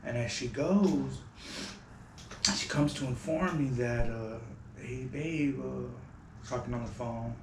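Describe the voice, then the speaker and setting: A man's voice: mid-range voice, slow, noisy background. Laid-back man telling a story. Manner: relaxed, slangy, talks to viewers directly. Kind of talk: casual storytelling to camera. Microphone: camera mic. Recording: roomy echo.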